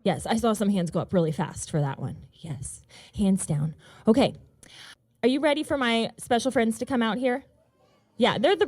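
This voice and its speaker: An American woman from a ballet company warmly addressing children at a library event, animated and encouraging. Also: on the high side, dry recording. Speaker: ballet company outreach host.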